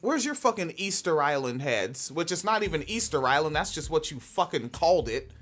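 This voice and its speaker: Podcast host lady, kinda low for a woman, loose profane rambling, lots of laughs. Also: big pitch swings, a little fast, faint music behind. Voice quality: fairly high-pitched voice. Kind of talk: casual podcast chat.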